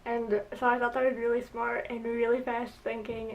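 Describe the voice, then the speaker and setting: Gushing young woman, slightly high voice. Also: flat delivery, normal speed, few pauses, distant mic, low-quality recording. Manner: gushing, chatty, lots of "like" and "oh my gosh". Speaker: vlogger reviewing a TV show. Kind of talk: casual chat.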